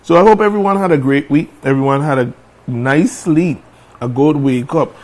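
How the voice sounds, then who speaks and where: A man's voice: fairly high pitch, normal speed, a little mellow. A man hosting a morning talk show, chatting casually, repeating phrases and letting them trail off.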